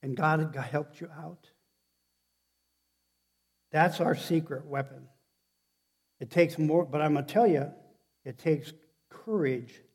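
A man preaching a sermon in a halting, conversational way, often restarting sentences and putting questions to the congregation. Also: fairly high pitch, a little mellow, slightly rough. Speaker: pastor.

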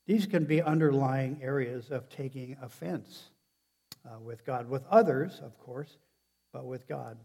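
A man preaching a sermon in a halting, conversational way, often restarting sentences and putting questions to the congregation. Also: mid-range voice, gravelly, dark tone. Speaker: pastor.

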